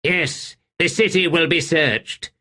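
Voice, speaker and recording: A man's voice: on the high side, slow, bright, forceful tone, pitched above the performer's own voice, full character voice. Man voicing an earnest young warrior. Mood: firm.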